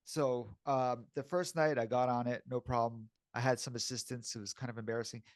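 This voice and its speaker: This is a man co-hosting a podcast in a loose, candid way. His voice sits at a middle pitch. The mic picks him up close, and the sound is dry with no room to it. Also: steady tone, brisk, no echo. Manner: casual and candid, says "bro" and "dude" often. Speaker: podcast co-host. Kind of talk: casual podcast chat.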